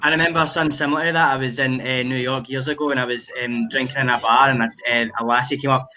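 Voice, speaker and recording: Bright-voiced Glaswegian man. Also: medium pitch, steady tone, fast, faint music behind. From Glasgow, Scotland. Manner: hesitant with fillers, laughing. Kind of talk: casual anecdote.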